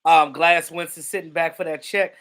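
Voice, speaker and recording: A man hosting a casual livestream, greeting viewers by name and telling stories in an animated way. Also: a little high, normal speed. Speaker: livestream host.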